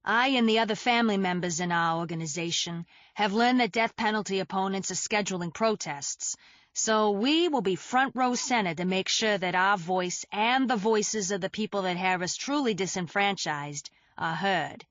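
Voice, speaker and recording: A woman voicing a grieving widower who speaks calmly and bitterly. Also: medium pitch, dry recording, muffled recording, close to an everyday voice. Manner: calm, measured, bitter.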